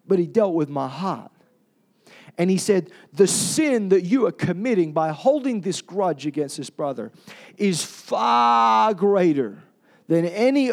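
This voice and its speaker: A man preaching a sermon, emphatic and personal, asking rhetorical questions and slowing down to stress key words. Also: sits high, a little mellow. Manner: confessional storytelling.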